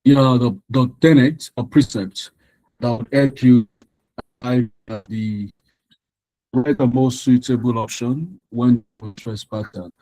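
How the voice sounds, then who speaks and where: An exam tutor teaches an online prep lesson, working through answers on a shared screen in a mid-range, mellow, dark voice with fairly even intonation and a measured pace. The low-quality computer-mic audio is dry and close, with no echo. He explains patiently, repeating phrases and restarting sentences with lots of ums.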